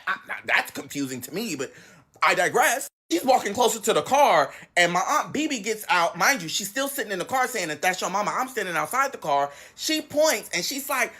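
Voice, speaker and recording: A man telling a personal story in casual storytime style, animated and profane with wry asides. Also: very high voice, brisk. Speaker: guest telling his story.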